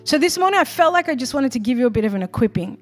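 Woman, pastor, church sermon, high voice, quiet asides building to loud preaching. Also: expressive, very fast, faint music behind.

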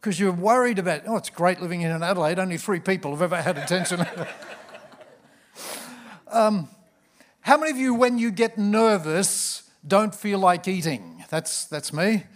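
Man, 60s, pastor, church sermon, humorous asides, slightly high pitch. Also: animated, moderate pace. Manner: warm, humorous storyteller with self-mocking asides.

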